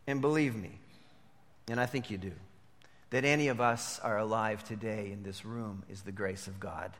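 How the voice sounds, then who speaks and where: A pastor preaching a sermon, moving between hushed reflection and emphatic declarations. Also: male voice, fairly low pitch, steady tone, moderate pace, big-room sound.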